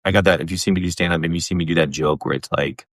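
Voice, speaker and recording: Man, comedian rambling on his podcast, deep voice, animated and swearing a lot. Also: rapid-fire, no echo. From Canada. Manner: animated, profane, acts out quoted voices with big pitch jumps. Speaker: comedian host. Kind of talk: casual solo podcast rant.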